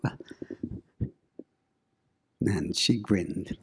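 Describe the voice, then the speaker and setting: A man telling a spooky story live, slow and dramatic with suspenseful pauses. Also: medium pitch, animated, breathy edge.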